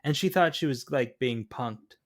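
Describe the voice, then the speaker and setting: A man's voice: mid-range voice, moderate pace. A man co-hosting a film podcast, rambling casually with many fillers. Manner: rambling, heavy on "like" and "um". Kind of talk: casual film review chat.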